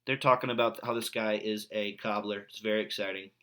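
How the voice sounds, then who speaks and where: A man's voice: lowish voice, steady tone, brisk, pushed and bright. A man recording a video lesson for his English class, talking in a casual, chatty way with mild sarcasm. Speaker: English teacher.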